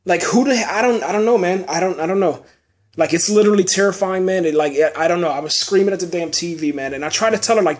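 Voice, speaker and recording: A man's voice: sits high, fast. A young man hosting a podcast, rambling in emotional, exasperated casual commentary, stammering and repeating himself often. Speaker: podcast host.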